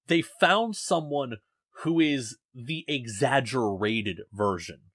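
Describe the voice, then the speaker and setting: A man's voice: mid-range voice, lively intonation, slow, fairly bright tone, no echo. Young male podcast host, rambling and self-deprecating, dry close sound. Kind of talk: casual podcast chat. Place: home basement.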